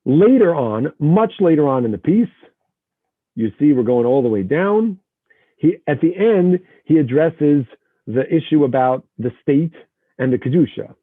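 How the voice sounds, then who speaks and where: A man's voice: on the high side, animated, measured pace, no room sound. A man teaching an online text-study lesson over a video call, reading passages aloud and translating them line by line. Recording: dry, narrow phone-like video call audio.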